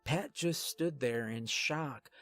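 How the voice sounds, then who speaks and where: A man telling a first-person story in a deadpan way, with wry asides to the listener. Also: medium pitch, slow, dry recording, soft background music.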